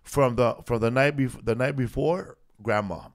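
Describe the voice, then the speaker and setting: A man's voice: medium pitch, moderate pace. A man hosting a podcast, rambling in casual chat and saying bro all the time. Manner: rambling, says bro constantly. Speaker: podcast host.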